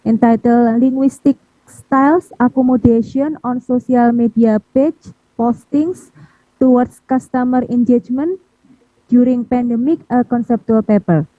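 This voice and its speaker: A woman's voice: on the high side, a little slow, no echo. A woman moderating an online conference session, hesitant and politely apologetic, with many "uh" fillers. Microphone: video call. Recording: tinny, phone-like video call audio.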